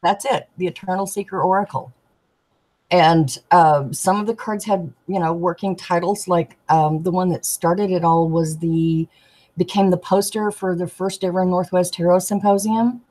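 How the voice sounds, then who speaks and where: Husky-voiced woman telling animated stories. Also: fairly low pitch, moderate pace, poor audio. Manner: animated storyteller, giggly, acts out quoted voices. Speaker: tarot deck artist, guest. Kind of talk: casual storytelling chat.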